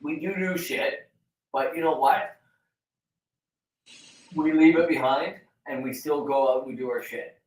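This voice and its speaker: Slow-talking man on a roomy call. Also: fairly high pitch, steady tone, darkish tone. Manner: rambling, swears casually, many fillers. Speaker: show co-host. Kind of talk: casual chat. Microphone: video call. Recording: roomy, distant from the mic.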